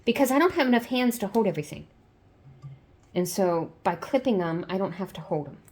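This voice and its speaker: A woman's voice: medium pitch, expressive, brisk, darkish tone, slight background noise. A woman teaching a hands-on craft step by step, patient and chatty, checking in with the viewer often. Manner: patient, repeats steps and checks in with frequent "okay?"; chatty and homey, with playful "ta-da". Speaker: crafter teaching sock machine knitting. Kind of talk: step-by-step tutorial.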